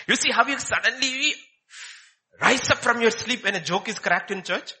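A man's voice: high-pitched, lively intonation, moderate pace, bright, forceful tone. A man preaching a sermon, emphatic and repetitive, firing off rhetorical questions. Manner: emphatic, repeats key phrases, rhetorical questions.

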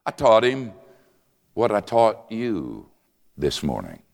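An older man preaching a sermon and telling a story in an animated, conversational way. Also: on the low side, takes it slowly, creaky. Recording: reverberant hall.

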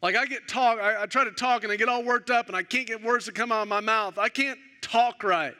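A man's voice: sits high, brisk, bright, forceful tone, pitched above the performer's own voice. A man voicing Moses as an anxious, self-doubting man who stammers and pleads. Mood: whiny.

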